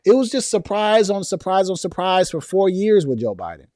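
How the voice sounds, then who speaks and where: A man riffs through casual political commentary, reading viewer comments aloud and answering them. His voice sits a little high for a man, and he talks loosely with slang, repeating words and restarting sentences. The sound is close and dry. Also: very animated, normal speed, dark tone, dry recording.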